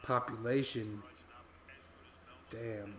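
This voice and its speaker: A young American man co-hosting a footy watch-along, reacting excitedly and swearing casually as he reads chat aloud. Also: on the low side, very slow. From United States. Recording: roomy echo.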